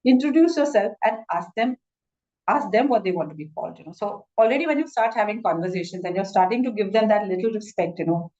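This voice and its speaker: A woman's voice: medium pitch, animated, fast talker, dark tone, lo-fi sound. A woman doctor with an Indian English accent giving an instructive lecture, often saying "you know" and restarting her sentences. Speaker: doctor teaching a masterclass.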